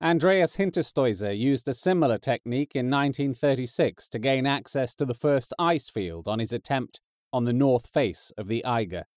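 A man reads the narration of an audiobook in a steady, measured way. His voice sits at a middle pitch. The sound is dry and close. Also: no echo.

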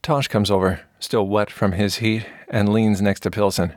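A man narrating an audiobook in an even, measured storytelling way, with a gravelly voice. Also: lowish voice, dry recording, clean studio sound.

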